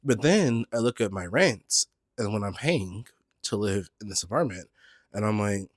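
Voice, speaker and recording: A man in his thirties hosting a solo podcast, chatting in an animated, scattered, sing-songy way with campy, playful asides. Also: on the low side, moderate pace, no room sound, clean studio sound. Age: 30s. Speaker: podcast host. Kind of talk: casual solo chat. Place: his apartment.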